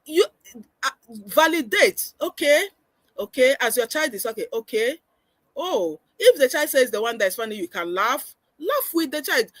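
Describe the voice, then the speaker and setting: A woman's voice: high-pitched, very animated, normal speed, dry recording. A woman giving a parenting webinar lecture, earnest and instructive, often acting out how parents should talk with children. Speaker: parenting coach.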